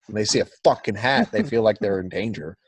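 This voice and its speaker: A man's voice: fairly low pitch, a little fast, husky, no room sound. Blunt, profane Californian man telling stories. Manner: profane, blunt, laughing storyteller. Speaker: podcast guest. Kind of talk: casual storytelling.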